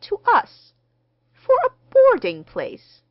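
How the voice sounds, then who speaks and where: A woman's voice: on the high side, sing-song, slow, breathy edge, dry recording, dull audio, pitched above the performer's own voice, full character voice. Woman reading a cold, curt housewife. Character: stern, frowning middle-aged housewife.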